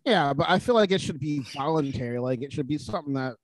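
A man's voice: on the high side, expressive, fast, dry recording. A man talking on a podcast, speaking bluntly with plenty of profanity in a laid-back way. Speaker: podcast guest. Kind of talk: casual podcast banter.

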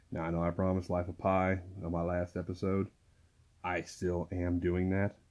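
A man hosting a movie podcast, speaking quietly and carefully close to the mic at home, his voice worn from a recent illness. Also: low voice, husky, highs cut off. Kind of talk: casual podcast talk. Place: small home recording room. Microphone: close to the microphone.

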